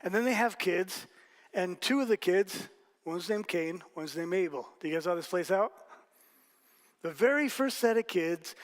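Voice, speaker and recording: High-pitched guy preaching, chatty and jokey, lots of reverb like a big hall. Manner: casual, joking storytelling with asides to the congregation. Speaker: pastor. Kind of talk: sermon.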